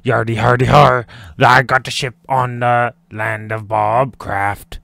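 A man's voice: medium pitch, flat delivery, slow, vocal fry, pushed and bright, dry recording, clean studio sound, full character voice. A man voicing a boisterous male pirate in a game commentary, growling pirate calls and telling rambling tales, his throat getting scratchy. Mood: storytelling. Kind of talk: gameplay commentary.

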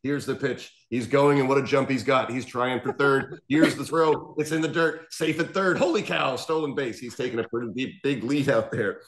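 A man's voice: medium pitch, normal speed, few pauses, roomy sound, natural voice. A man reading play-by-play lines as a mock radio baseball announcer, half laughing. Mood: mock excited.

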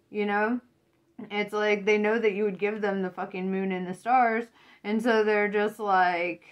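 A woman doing a casual tarot reading, swearing a lot, laughing often and getting fired up. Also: medium pitch. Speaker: tarot reader.

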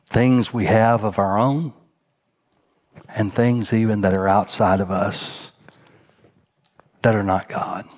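A man preaching a sermon as senior pastor, dropping to a hushed near-whisper on tender points and rising in pitch as he tells a story. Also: steady tone, slow, long pauses.

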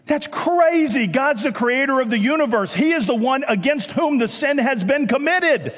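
A male pastor with a Southern US accent delivers a lively sermon, moving from jokes to raised, shouted lines. His voice sits very high for a man. The sound carries a long reverb from a large church auditorium. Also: moderate pace, few pauses. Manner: preachy and animated, rising to shouts, with joking asides.

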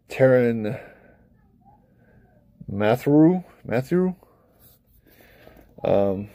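With a low-leaning, warm voice and no room sound, a vlogger chats casually to camera, meandering and cursing freely with frequent laughs and acted-out asides. He reviews books and films and is a parent of a young child.

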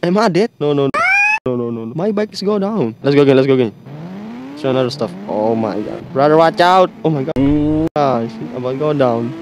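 A man giving casual, excitable commentary while playing a mobile game, exclaiming often and laughing at what happens. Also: mid-range voice, brisk, noisy background. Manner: excitable, exclaims often, calls the viewer bro.

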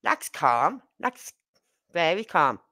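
Hosting a casual livestream, a woman from Birmingham, England, tells animated stories from her own life and acts out both sides of every exchange. Her slightly low voice sounds bright and forceful, and she speaks slowly.

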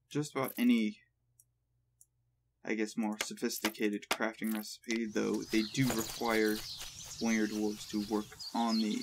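A man hosting a let's play, thinking aloud in a relaxed way while he plays. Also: lowish voice, background noise. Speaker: gaming channel host.

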